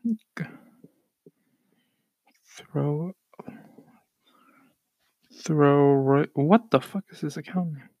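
A man's voice: fairly high pitch, extremely slow, long pauses, darkish tone, no echo, clean studio sound. A man co-hosting a casual podcast, rambling and swearing freely as he jokes, laughs at himself and keeps burping between sentences. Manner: loose, profane, jokey, laughs at himself. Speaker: podcast co-host. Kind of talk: casual rambling chat, reading posts aloud.

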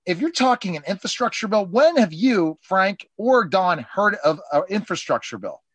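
Animated high-voiced man holding forth. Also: normal speed, husky, no echo. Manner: emphatic, animated, mimics politicians in quoted asides. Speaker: show host and journalist. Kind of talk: political talk show discussion.

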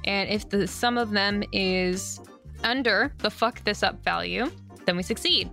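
A woman's voice: medium pitch, measured pace, vocal fry, sharp tone, soft background music. A woman co-hosting a radio game show who explains tabletop game rules in upbeat casual chat, swearing freely. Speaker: co-host and game runner.

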